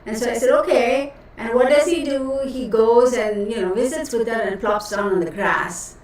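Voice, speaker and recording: A woman's voice: on the high side, normal speed. A woman chatting casually with her live viewers as a tarot reader, rambling along and calling them y'all. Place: cluttered home room she works from. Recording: echoey room, voice distant from mic, faint noise.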